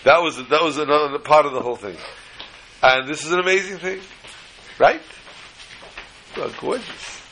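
A man's voice: a little high, fairly quick, long pauses, fairly bright tone, a little hiss or hum, poor audio. An older man teaching a Torah class, mixing teaching with jokes and storytelling asides.

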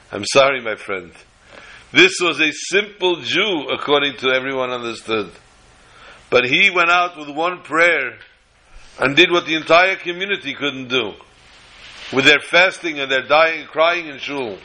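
Man telling a story like a sermon, real bright, kinda high voice, dramatic. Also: moderate pace, rough recording. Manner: expressive, dramatic retelling.

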